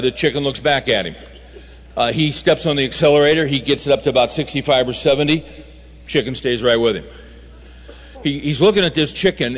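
A man speaking at a men's conference, telling folksy stories with humor and driving his points home through repetition. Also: mid-range voice. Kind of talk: sermon. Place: large conference hall. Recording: reverberant hall recording.

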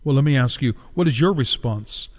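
A man preaching a sermon as a pastor, dramatic, rising to loud emphatic questions. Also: mid-range voice, lively intonation, a little fast. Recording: long echo of a large hall.

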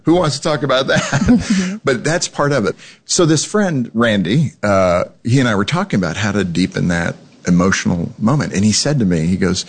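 Deep, husky-toned male host, relaxed conversational interviewer. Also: normal speed. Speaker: radio show host.

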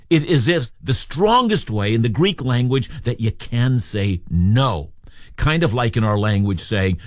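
A man teaching through a Bible passage in a measured, emphatic expository style, as on a radio Bible program. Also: medium pitch, sing-song, no room sound, clean studio sound. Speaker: preacher.

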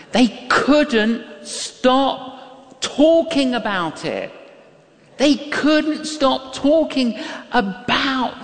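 An older man delivers a sermon in a high, animated voice, drawing out his words slowly. He tells stories with emphasis and acts out the dialogue. His voice rings with a long reverb, as in a large hall. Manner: storytelling with acted-out quotes, emphatic. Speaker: preacher.

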